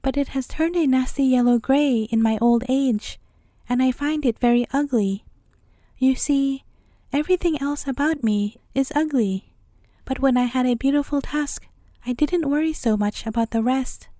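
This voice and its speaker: A woman's voice: sits high, moderate pace, dark tone, dry recording, clean studio sound, close to an everyday voice. A woman voicing a self-pitying, short-tempered old male rhinoceros in a storybook reading, with a mournful, grumbling manner.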